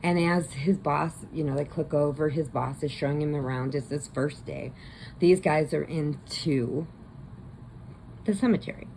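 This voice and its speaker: Gravelly low-voiced woman rambling through a story. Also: a little mellow, a little hiss or hum, low-quality recording. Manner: rambling, with quick put-on voices. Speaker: crochet channel host. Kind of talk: casual movie retelling.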